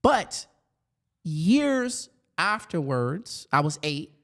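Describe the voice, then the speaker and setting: Animated man in his thirties telling a story. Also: on the high side, extremely slow. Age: 30s. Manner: animated storyteller, acts out his younger self in a raised voice. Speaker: speaker for educators. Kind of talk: storytelling keynote talk.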